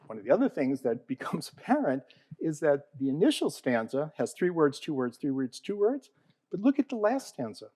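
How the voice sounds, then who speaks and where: Speaking on a poetry panel, a man gives an explanatory talk to an audience in a slightly high, mellow voice with big pitch swings at a moderate pace. The recording is dry and rough. He often checks in with "okay?" and "all right?" and puts questions to listeners.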